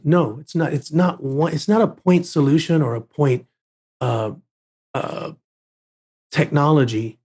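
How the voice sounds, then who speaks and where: Emphatic man with a warm, husky voice. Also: a little high, a little slow, long pauses. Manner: emphatic, repeats words while building a point. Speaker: guest. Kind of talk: podcast interview storytelling.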